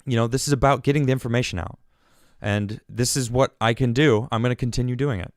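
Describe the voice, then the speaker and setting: A man hosting his own political podcast, ranting in an exasperated, animated way and often restarting his sentences. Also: medium pitch, fast, dry recording, studio quality. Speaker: podcast host.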